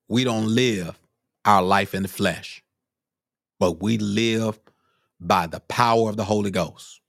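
A low-pitched man preaching. He tosses a "hmm?" after his points, quotes scripture in old-fashioned wording, and climbs into high cries of glory. The sound is dry and close, with no room around it. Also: unhurried, pauses often, no room sound. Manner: punctuates with "hmm?" and "huh?", rising into shouts of glory. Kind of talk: sermon.

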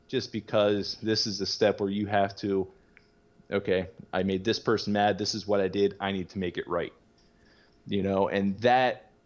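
A young man in recovery telling his story in a candid, rambling way, full of "you know" and casual swearing. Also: fairly low pitch. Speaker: guest in recovery. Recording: muffled lo-fi audio.

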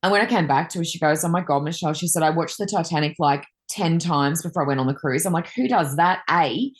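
A woman's voice: sits low, fast talker. A woman, a Reiki master and card reader, chatting casually and telling rambling anecdotes with many fillers.

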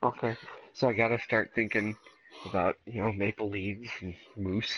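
A man co-hosting a casual podcast, animated as he reads out listener reviews. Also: fairly low pitch, moderate pace, slightly rough, highs cut off. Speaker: podcast co-host.

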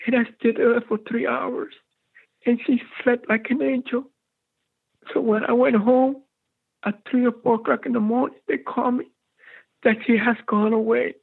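A man's voice: very high-pitched, gravelly, slightly rough. A man calling in to tell a faith story, speaking fervently in a prayerful way, his voice sometimes breaking with emotion, over a phone line. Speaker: caller sharing a faith testimony. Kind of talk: emotional spoken testimony.

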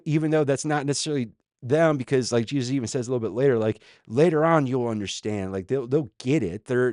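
A man's voice: mid-range voice, a little mellow, no echo, clean studio sound. A man from Minnesota preaching a casual sermon, chatty, with lots of fillers and restarts. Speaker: pastor.

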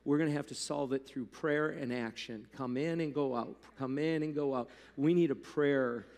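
A man preaching a sermon as pastor, talking to the congregation in a loose, animated way with asides. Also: medium pitch, moderate pace. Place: church hall. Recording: long hall reverb.

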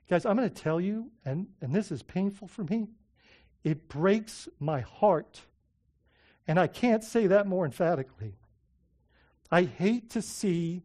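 A man preaching a sermon as pastor, animated, often repeating himself and asking his listeners rhetorical questions, moving between loud emphasis and soft heartfelt asides. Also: sits high.

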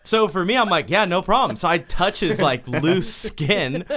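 A man hosting a podcast who retells funny stories with lively quoted voices in casual conversation. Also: high voice, moderate pace. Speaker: podcast host. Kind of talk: casual interview chat.

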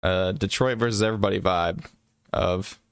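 A man's voice: low voice, moderate pace, creaky, smooth, dry recording. A man co-hosting a casual book podcast, teasing his partner with dry jokes. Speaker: podcast co-host.

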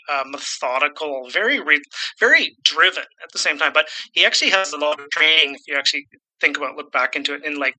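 A real estate investor in his fifties from Saskatchewan, Canada, rambles as a guest in a casual interview, self-deprecating and often repeating himself. His voice is on the high side with a sharp tone. The audio is poor.

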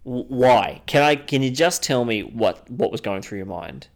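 A man's voice: medium pitch, lively intonation, normal speed, natural voice. A man playing an earnest younger male politician who demands answers from a ghost, in a podcast role-play. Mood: pleading.

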